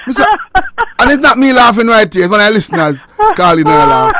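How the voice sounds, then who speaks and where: Lively Jamaican radio host, joking. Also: male voice, very high-pitched, quick pace, background noise. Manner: playful, animated, laughing and joking with callers. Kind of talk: call-in radio chat.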